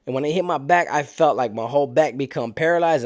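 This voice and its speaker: A man's voice: medium pitch, fast talker, few pauses. A man casually telling a story in street slang, animating it by acting out what other people said. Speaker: storyteller recounting prison life.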